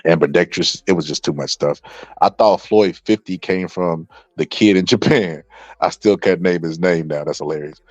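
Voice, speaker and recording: A man's voice: low voice, moderate pace, dry recording. A tired man casually commenting on boxing and reading viewer comments aloud, laid-back, saying "bro" a lot. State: tired from staying up late.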